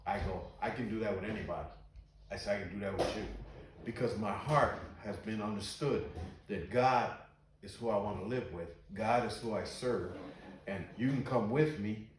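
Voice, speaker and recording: A man's voice: lowish voice, normal speed, slight background noise. A man leading an informal Bible study, talking earnestly and reading scripture aloud with emphasis. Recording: very echoey room.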